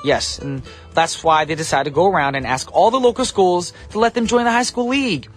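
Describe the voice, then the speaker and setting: A young man hosts a morning radio show from the studio in a bright, upbeat, joking way. His voice sits high for a man. Soft music plays faintly under his talk. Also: a little fast. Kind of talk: casual radio hosting.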